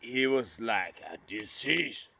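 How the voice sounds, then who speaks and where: A man in a halting, emotional monologue to camera, often trailing off mid-sentence. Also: medium pitch, animated, creaky, sharp tone, slight background noise. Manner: halting, trailing off, addressing a lost brother. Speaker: vlogger.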